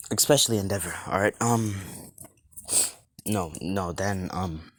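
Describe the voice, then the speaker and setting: A man's voice: sits low, unhurried, no room sound. A young man casually narrating an improvised fan story, rambling with lots of fillers and restarts.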